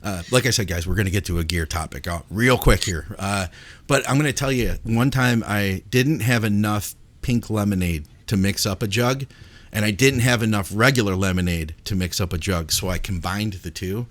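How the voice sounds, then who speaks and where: A man's voice: on the low side, moderate pace. A man co-hosting a podcast in casual chat, joking and steering the topics. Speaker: podcast co-host.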